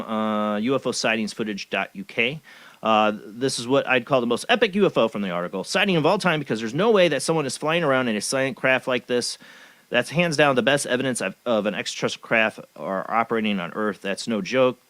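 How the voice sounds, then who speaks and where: A man's voice: mid-range voice, fairly bright tone, no room sound. A man hosting a talk show, rambling along in a cynical, sarcastic way. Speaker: show host. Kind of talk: casual talk radio commentary.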